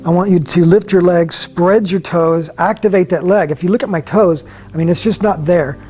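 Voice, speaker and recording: A man leading a yoga class, giving calm, slow step-by-step cues and often dropping his voice softly. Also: high-pitched, faint music behind. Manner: calm, slow guiding cues with soft drops in volume. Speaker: yoga instructor. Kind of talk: guided yoga class instruction.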